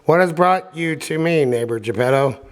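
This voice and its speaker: A man's voice: fairly high pitch, normal speed, voice pushed up, lightly acted. A man voicing a sarcastic older carpenter in a put-on cartoonish Italian accent, raised above his own reading voice.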